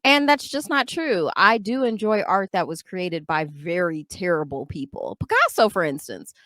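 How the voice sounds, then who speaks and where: A woman's voice: lowish voice, animated, a bit bright, no room sound, studio quality. A young adult woman co-hosting a book club podcast, chatty and wry, trading jokes about the book. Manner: chatty, wry, quick to laugh at her own jokes. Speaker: podcast co-host. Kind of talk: casual book club chat.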